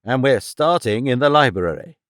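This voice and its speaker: A man voicing a sharp, brisk detective who lays out his deductions in a crisp, decisive way. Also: medium pitch, expressive, no room sound, clean studio sound, close to an everyday voice.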